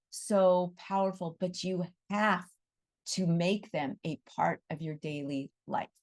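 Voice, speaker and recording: A woman's voice: on the low side, a little mellow. A woman teaching an online Animal Reiki class, earnest and emphatic, repeating phrases for stress. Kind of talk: live online class talk.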